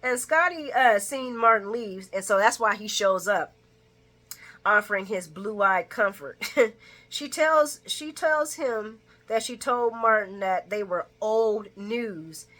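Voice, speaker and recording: A woman chatting casually through a recap, laughing often and acting out lines in a higher voice. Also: slow pace, fairly bright tone. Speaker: soap opera recap vlogger.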